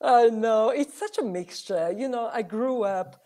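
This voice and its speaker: A woman with a mixed South African accent, a guest talking on a video call, expressive and searching for words. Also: on the high side, measured pace, crowd noise. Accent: South African mixed with other languages. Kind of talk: casual interview over video call.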